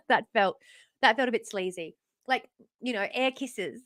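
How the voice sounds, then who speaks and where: A woman chats on a long live stream, self-mocking and swearing freely, her voice going after hours of talk. Her tone is bright and forward, pitched a little high, recorded dry and close on a phone. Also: animated, unhurried, long pauses, no room sound. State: losing her voice. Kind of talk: casual live stream chat.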